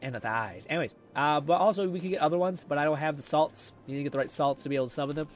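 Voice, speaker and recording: A hoarse man casually commenting on a game as he streams it, rambling, swearing freely and reading chat messages aloud. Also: on the high side, very fast, faint music behind.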